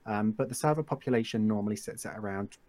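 A man's voice: on the low side, fast, darkish tone. A man from England with an English accent, chatting as a podcast guest about running a game server, easygoing and self-deprecating. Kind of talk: casual podcast chat.

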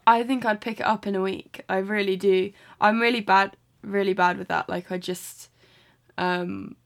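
A woman's voice: medium pitch, steady tone. A young woman from New Zealand with an English accent and a faint Kiwi twang, chatting casually on a podcast, giggly and full of "like". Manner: quick, giggly, uses "like" a lot. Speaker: podcast co-host. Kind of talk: casual chat.

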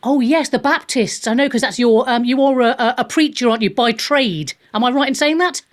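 A woman hosting a live talk radio show in a casual, chatty way, her voice sitting a little high. She speaks frankly and bluntly, often restarting her sentences mid-thought. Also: fairly quick.

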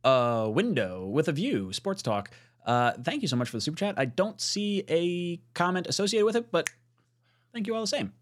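Animated man hosting a sports talk show. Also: a little high, normal speed. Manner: animated, excitable, swears casually. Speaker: podcast host reading super chats.

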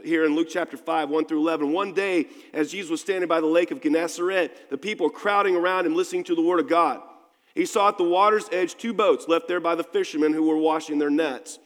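Man, pastor, sermon, fairly high voice, casual storytelling, long church-hall reverb. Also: fast talker. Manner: conversational, storytelling with repeated restarts. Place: church sanctuary.

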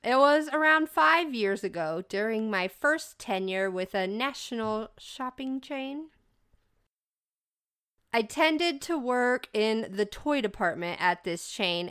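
A woman's voice: mid-range voice, fairly bright tone, smooth. A woman co-hosting a casual storytelling chat who laughs readily and reacts with surprise. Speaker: co-host and storyteller.

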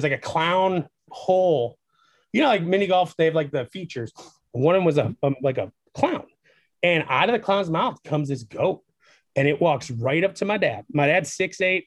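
Young man with a fairly high voice, excitable and rambling, telling an interview story, dry close-miked sound. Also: no echo. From Wisconsin, USA. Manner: excitable, rambling, acts out quoted dialogue. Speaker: distillery founder, guest.

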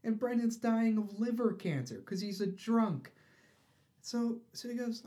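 A man in casual chat, retelling a comic story with quick put-on voices for each character. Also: sits high, lively intonation, dark tone.

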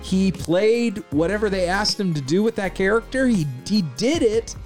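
A man's voice: high voice, expressive, moderate pace, a little mellow, faint music behind. A man co-hosting a casual film review chat, agreeable and talkative, often chiming in with yeah.

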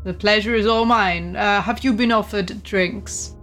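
Woman as Russian aristocrat officer, courtly and solemn, measured delivery. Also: mid-range voice, fairly even intonation, fairly bright tone, soft background music. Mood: courteous. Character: grave aristocratic Russian prince, male cavalry officer.

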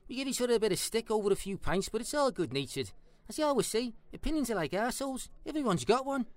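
An actor with a Scouse accent playing a jokey, chatty former football hooligan in a comedy interview. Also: male voice, extremely high pitch, very animated, fast talker, no room sound. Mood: jovial. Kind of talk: scripted comedy dialogue.

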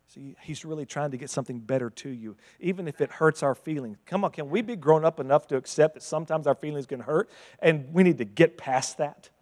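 A man with a high-pitched voice preaches a dramatic sermon. He swings from fiery outbursts to hushed, intense asides and keeps throwing rhetorical questions at the congregation. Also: brisk, long reverb tail. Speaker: pastor.

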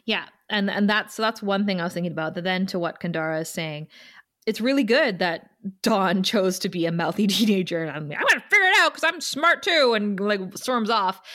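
A woman's voice: mid-range voice, brisk. A woman co-hosting a casual chat show, recapping a TV episode and acting out the characters' lines. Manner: animated, acts out quotes with laughs. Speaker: podcast co-host.

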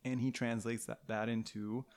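A man's voice: mid-range voice, little pitch movement, moderate pace, a little mellow. A man hosting a podcast, telling a history story in casual chat, playful and rambling with restarts and tangents.

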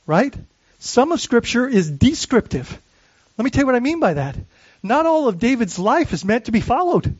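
A man's voice: very high-pitched, sing-song, normal speed, slightly rough, no echo, highs cut off. A man preaching a sermon as pastor, earnest and searching, often restarting phrases and asking the congregation questions.

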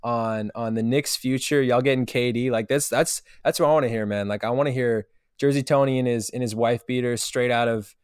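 A man co-hosting a casual sports podcast, mid-pitched and rambling, full of fillers and swearing. His voice sounds close and dry, with no room around it. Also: steady tone, fairly quick, few pauses, clear, resonant tone, dry recording. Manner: rambling, profane, many fillers. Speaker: podcast co-host.

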